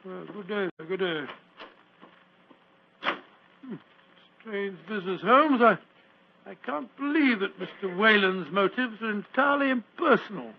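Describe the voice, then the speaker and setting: A bluff, hearty doctor in a 1940s radio play, stammering out his exclamations. The voice sits high and has a gravelly rasp. The sound is a tinny old broadcast with a faint hiss. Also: expressive, measured pace, long pauses. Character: Doctor Watson, bluff, hearty male companion.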